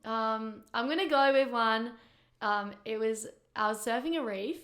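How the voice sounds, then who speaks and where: A woman's voice: on the high side, unhurried, a bit bright. A young woman, a pro surfer as guest, chatting casually, giggly and loose with lots of fillers. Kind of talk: casual chat.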